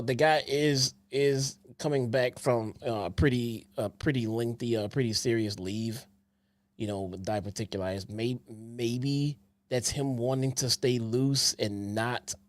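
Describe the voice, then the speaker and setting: Co-host, male, mid pitch, hesitant and casual, dry sound. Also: no room sound. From Chicago. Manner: hesitant, restarts often, relaxed. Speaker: podcast co-host. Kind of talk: casual online call chat.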